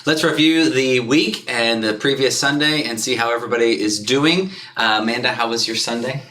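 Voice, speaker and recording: A man's voice: mid-range voice, normal speed, bright, forceful tone, reverberant, recorded from a distance. A man hosting a casual church podcast, teasing his guests and asking them questions. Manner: teasing, upbeat, asks questions. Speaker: podcast host. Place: church studio room.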